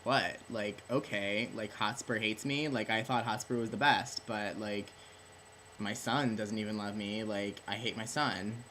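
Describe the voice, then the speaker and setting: A man's voice: on the low side, fairly even intonation, measured pace, sharp tone, slight background noise. A tipsy man voicing a petulant middle-aged king who talks in casual slang and swears.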